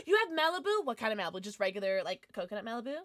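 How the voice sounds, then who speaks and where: A woman's voice: on the high side, sing-song, racing, no room sound, clean studio sound. A young adult woman streaming live and chatting with her viewers, bubbly and giggly, with lots of "like". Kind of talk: casual livestream chat, reading chat.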